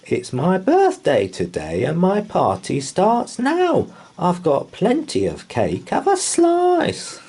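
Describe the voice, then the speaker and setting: A man voicing a cheerful, friendly mummy throwing a birthday party, in a high squeaky storybook voice. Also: huge pitch swings, takes it slowly, few pauses, darkish tone, slightly rough, heavily acted. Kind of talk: storybook read-aloud.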